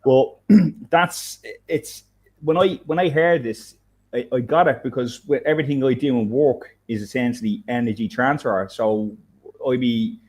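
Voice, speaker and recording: A man with a middle-pitched, ordinary voice chats in a casual conversation. He thinks out loud as he goes, circling back and restarting his sentences, with plenty of fillers along the way. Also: unhurried. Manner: rambling, many restarts and fillers, thinks aloud. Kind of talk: casual chat.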